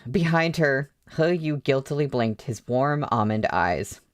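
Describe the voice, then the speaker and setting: A man's voice: medium pitch, animated, measured pace. A man reading a novel aloud at a casual pace, breaking off for chatty, hesitant asides full of fillers. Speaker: book reader. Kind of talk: casual read-along with asides.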